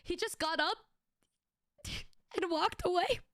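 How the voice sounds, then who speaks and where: A young adult woman streamer telling a casual story, animated and laughing, with lots of swearing and stammered restarts. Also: very high voice, slow, no room sound, clean studio sound. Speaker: VTuber streamer.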